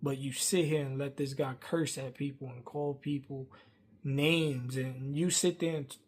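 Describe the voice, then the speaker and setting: A man, venting a rambling workplace story to camera, swinging from loud outbursts to muttering. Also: steady tone, a little slow, breathy edge. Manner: heated, rambling, acts out quotes loudly then drops low.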